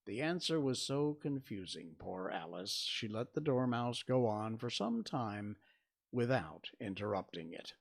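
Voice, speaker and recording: A man's voice: mid-range voice, lively intonation, a little slow. A man reading a storybook aloud as narrator. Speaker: reader.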